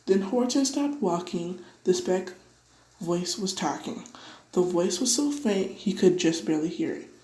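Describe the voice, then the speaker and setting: Woman, storybook read-aloud, mellow lowish voice, echoey room. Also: a little slow. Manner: lively, voices dialogue with pitch jumps. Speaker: audiobook reader.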